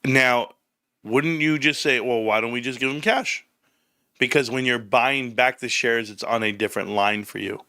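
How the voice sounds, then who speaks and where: A man hosting a stock livestream, excitable and profane, often laughing and shouting. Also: mid-range voice, moderate pace, no room sound, clean studio sound. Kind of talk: livestream commentary.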